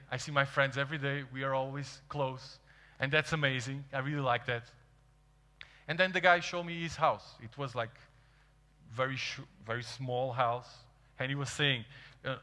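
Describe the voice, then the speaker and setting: A man's voice: mid-range voice, normal speed. Portuguese man telling stories onstage. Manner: animated, acts out quoted dialogue. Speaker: speaker. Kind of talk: storytelling keynote talk. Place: large event hall. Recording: reverberant hall.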